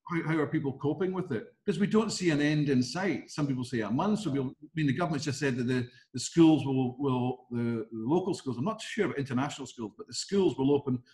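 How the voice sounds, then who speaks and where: A man's voice: medium pitch, quick pace, hardly any pauses, darkish tone. Scottish man on an echoey call. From Scotland. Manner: earnest, poses worried questions. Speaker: co-host. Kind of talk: casual remote chat. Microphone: video call.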